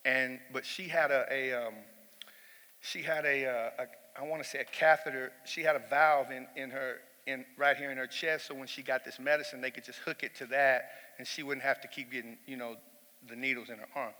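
A man's voice: medium pitch, bright, forceful tone, long reverb tail. A middle-aged man preaching a sermon in church, telling a personal story in a conversational way and rising to emphatic peaks.

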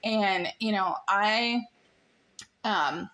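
A bubbly American woman hosts a casual podcast chat. She laughs easily and gushes as she talks, at a middle pitch. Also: drawn-out words, noisy background. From United States. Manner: bubbly, laughs often, gushing. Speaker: podcast host.

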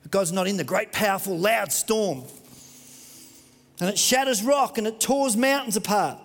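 A man preaching a sermon as pastor, dramatic and moving between loud and hushed. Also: sits high, moderate pace, vocal fry, long reverb tail.

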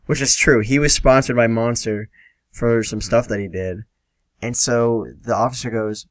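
A man's voice: lowish voice, normal speed, no echo. A young man hosting a podcast, telling a long story in a rambling, casual way, full of "like" fillers and swearing. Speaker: podcast host.

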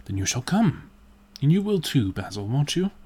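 A man reading the part of a languid, witty aristocratic gentleman in an audiobook, in a dreamy, drawling, ironic way. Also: fairly high pitch, sing-song, normal speed, breathy edge, pitched above the performer's own voice.

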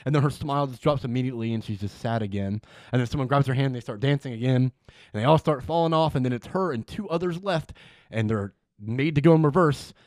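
Fast-talking man recapping a film. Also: medium pitch, no room sound, studio quality. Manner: animated retelling, acts out lines. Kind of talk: casual film recap chat.

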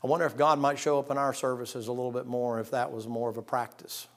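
A middle-aged man preaching a sermon, telling folksy stories and acting out voices, swinging from hushed to loud. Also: mid-range voice, level tone, quick pace. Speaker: pastor.

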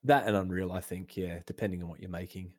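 A man's voice: deep voice, steady tone, fast, no echo, clean studio sound. A man, an indie game developer, talking casually and at length in a podcast interview, with restarts and self-deprecating asides. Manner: rambling, self-deprecating, frequent restarts and laughs. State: losing his voice.

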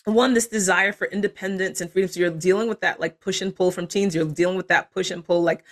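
A woman in her forties, a parenting coach talking as a podcast guest, animated and quick to laugh. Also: on the low side. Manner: animated, laughs often, acts out quoted parents and kids. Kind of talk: casual interview conversation.

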